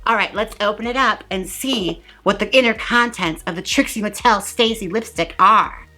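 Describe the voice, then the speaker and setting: A woman's voice: mid-range voice, moderate pace, bright, forceful tone, faint music behind. A woman hosting a comedic makeup review vlog in a playful, mock-dramatic, gushing way. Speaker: beauty vlogger.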